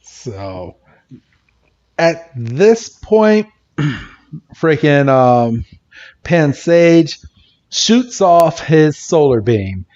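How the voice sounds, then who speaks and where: A man co-hosts a podcast and recaps the story in a loose, swear-heavy way, breaking into laughs. He talks slowly in a slightly raised voice. The audio sounds a little dull and lo-fi. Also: a little high, sing-song, darkish tone. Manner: swears freely, laughs often, acts out quotes. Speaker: podcast co-host. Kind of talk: casual episode recap.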